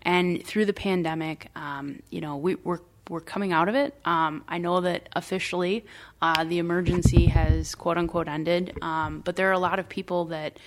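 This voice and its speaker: Female interview guest, lowish voice with vocal fry, earnest and steady. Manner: earnest, measured explanations. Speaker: guest, party district chair. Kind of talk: casual interview chat.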